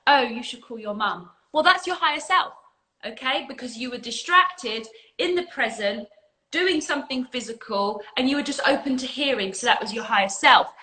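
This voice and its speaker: A woman leads a livestream spiritual talk in an earnest, emphatic way, with casual swearing thrown in. Her voice is bright and sits a little high. She speaks into a phone mic. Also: normal speed, low-quality recording. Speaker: spiritual coach and community leader.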